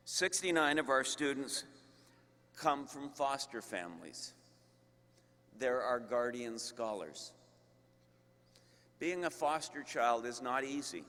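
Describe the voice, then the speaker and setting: A man giving a commencement speech to graduates as a university leader, slow and emphatic with deliberate pauses. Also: mid-range voice, a bit bright. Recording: long reverb of a large hall.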